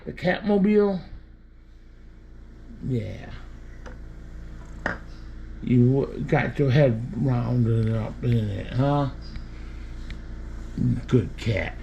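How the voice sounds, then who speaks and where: A man's voice: mid-range voice, big pitch swings, drawn-out words, gravelly, long pauses, warm tone. A man talking to his pet cat in a casual home video, teasing and affectionate. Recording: dull lo-fi home recording, faint background noise.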